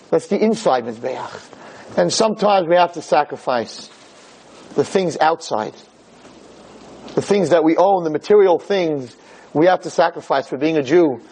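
A man giving a religious lecture, telling stories in an animated way and acting out the people in them. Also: high voice, husky, low-quality recording. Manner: animated storytelling, acting out scenes.

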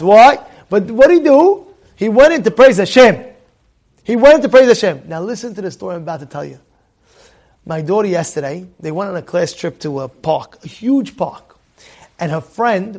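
Guy teaching a torah lesson, high gravelly voice, keeps repeating himself, goes loud then hushed. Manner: animated, repeats phrases, swings from loud to hushed; asks the listeners rhetorical questions.

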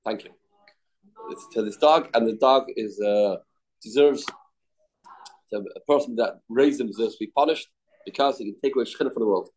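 Male Talmud teacher, middle pitch, quick explaining, chanted quotes, voices he acts out. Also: darkish tone, slightly rough, poor audio. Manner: explains in English mixed with Aramaic and Hebrew quotes. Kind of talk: Talmud class.

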